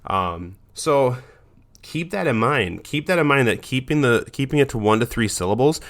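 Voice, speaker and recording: A man's voice: mid-range voice, animated, normal speed, fairly bright tone. A man hosting a dog training podcast, talking in a loose, chatty monologue with many fillers and restarts.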